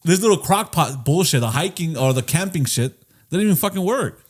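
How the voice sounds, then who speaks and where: A man's voice: fairly high pitch, expressive, fairly quick. A man co-hosting a podcast in casual chat, teasing and laughing and swearing freely. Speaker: podcast co-host.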